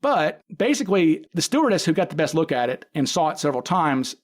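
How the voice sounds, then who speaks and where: A man's voice: a little high, big pitch swings, a little fast. A man, a podcast guest, casually retelling events in detail, acting out quoted dialogue and often restarting his sentences. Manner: frequent restarts and self-corrections. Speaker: podcast guest, case expert. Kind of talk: casual storytelling.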